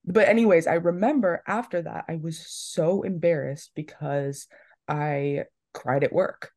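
A woman's voice: low-pitched, measured pace, warm tone, dry recording, clean studio sound. A young woman in her twenties, co-hosting a podcast and telling a story in casual chat, with lots of "like"s. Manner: chatty storytelling, many "like"s. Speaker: podcast co-host.

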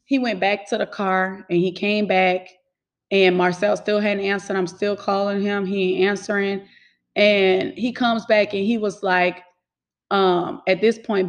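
A woman telling a personal story in casual talk, emphatic and swearing freely. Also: medium pitch.

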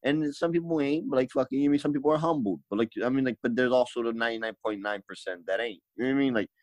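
A man's voice: medium pitch, racing, a little mellow, dry recording, poor audio. A young man from Hawaii, a podcast guest in casual chat, rambling and swearing a lot. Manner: rambling, swears a lot, repeats "you know what I mean".

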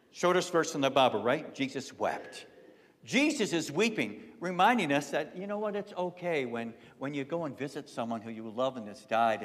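A male pastor preaching an Easter sermon in a conversational way, rising loud at climaxes and dropping to soft asides. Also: medium pitch, long reverb tail. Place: church sanctuary.

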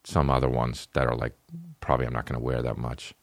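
A man with a very low voice rants casually on a comedy podcast, cursing freely and wandering from one thought to the next. He mutters some asides and then yelps up high in loud outbursts. The sound is close and dry, with no room around it. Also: fast, vocal fry, no room sound. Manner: profane, rambling, animated with sudden high outbursts. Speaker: podcast host.

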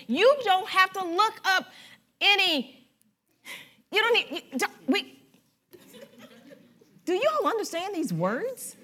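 Lively, bright-voiced woman pastor preaching. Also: extremely high pitch, slow, pauses often. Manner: animated, conversational preaching with humor and audience address. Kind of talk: sermon.

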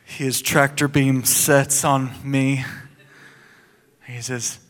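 Bright-voiced pastor in a reverberant hall. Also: male voice, medium pitch, very slow. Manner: animated storytelling with laughs and playful asides. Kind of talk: sermon.

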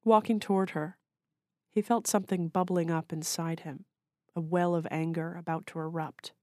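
A woman author reads her own short story in a measured, literary way. Her voice is low, and the recording is dry and close. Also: fairly even intonation, a little mellow, no echo.

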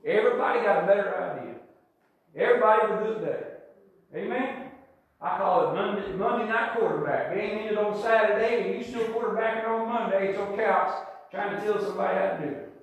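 An older preacher with a high, bright voice delivers a folksy sermon, repeating phrases and asking for amens. He sounds far from the mic, and the church rings with a heavy echo. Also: brisk.

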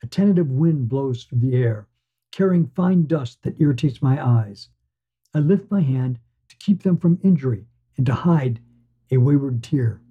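Husky dark-voiced male storyteller. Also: mid-range voice, animated. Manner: measured, wistful storytelling. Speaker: podcast storyteller. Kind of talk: scripted first-person story narration. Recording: dull lo-fi sound.

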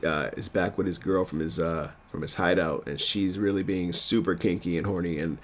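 Man, very low voice, casual rambling recap, self-deprecating asides. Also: steady tone, normal speed. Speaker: TV episode recapper.

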